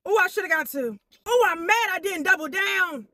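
A young woman hosting an eating show, chatting excitedly and straight to her viewers as she tastes each dish. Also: very high-pitched, normal speed, no room sound. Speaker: food vlogger. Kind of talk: casual eating-show chat.

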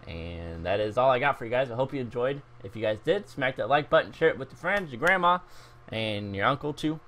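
Lively young man commentating gameplay. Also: mid-range voice, brisk, slight background noise. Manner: animated, joking, exclaims at the game. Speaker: gaming video host.

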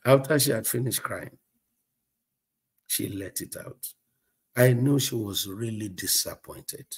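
Speaking a little slowly in a lowish, husky voice, this man preaches as a pastor. His sermon is an animated story full of acted-out dialogue and frequent chuckles.

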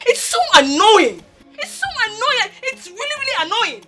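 An actress with a Nigerian accent playing a woman who is annoyed at gossip, animated and expressive. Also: a little high, normal speed. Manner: animated, vents with laughs. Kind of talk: Nollywood film acting. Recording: music playing under the dialogue.

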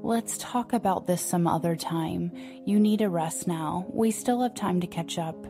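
A woman's voice: lowish voice, unhurried, warm tone, soft background music. A woman reading as an earnest young wife. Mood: reassuring. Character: young married woman, loyal daughter.

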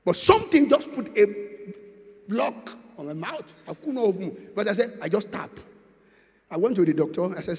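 A Nigerian man preaching a sermon, moving between quiet storytelling and shouted prayer, with call-and-response questions to the congregation. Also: sits high, very animated, moderate pace, big-room sound. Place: large church with long reverb.

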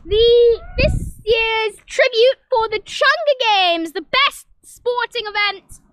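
A woman plays a grandiose announcer presenting a deadly reaping, who gets flustered and starts her sentences over. The voice is very high and bright, with animated swings in pitch, and the delivery is slow and drawn out. It comes from a comedic game role-play. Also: dry recording, heavily acted, poor audio. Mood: announcing. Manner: theatrical, flustered, trails off and restarts. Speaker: host of the reaping.

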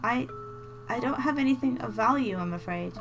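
A woman's voice: a little high, lively intonation, normal speed, gravelly. A woman voicing a frightened young pregnant woman in a storybook intro, pleading and apologetic. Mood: timid. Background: game music.

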